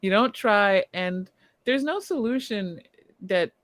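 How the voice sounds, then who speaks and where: A woman's voice: medium pitch, animated, slow pace, no echo. A woman co-hosting a casual news discussion podcast, explaining points at length and laughing between them. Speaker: podcast co-host.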